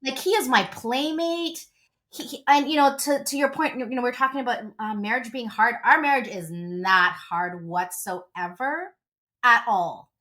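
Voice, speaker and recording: A woman in her forties, a relationship coach, talking as an interview guest in a gushing, animated storytelling way. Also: on the high side, measured pace.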